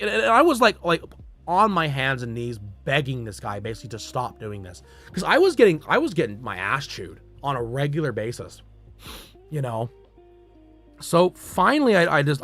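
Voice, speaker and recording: A male streamer telling a story casually, animated and profane, swinging between loud bursts and muttered asides. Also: a little high, creaky.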